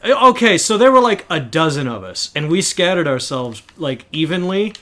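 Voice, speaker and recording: Young man, podcast host, teasing, laughs a lot, animated storytelling, casual chat. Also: on the high side, moderate pace.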